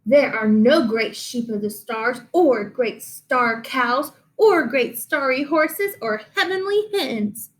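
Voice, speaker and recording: A woman voicing an excited, stubborn little boy pig who squeals his lines. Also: slow pace, hardly any pauses. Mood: stern. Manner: squealing, high and eager.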